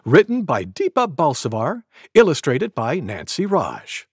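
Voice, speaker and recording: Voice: mid-range voice, a little hiss or hum. Mister Goose, a sing-song goose storyteller. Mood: cheerful. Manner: slow, sing-song and very expressive. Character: friendly male goose storyteller for toddlers. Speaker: storybook reader. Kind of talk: children's read-aloud.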